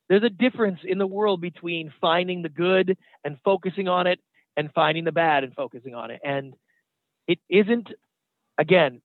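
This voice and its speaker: High-voiced storyteller on a tinny line. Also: male voice, no room sound. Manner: animated, conversational, swears casually. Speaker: guest, TV producer and trainer. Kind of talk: casual storytelling in an interview. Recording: tinny phone-like line, dry.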